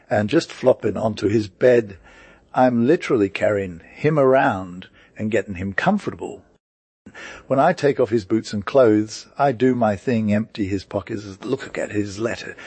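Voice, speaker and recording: A man's voice: on the low side, darkish tone, husky, no echo. A man narrating a classic story in casual, slang-heavy modern words.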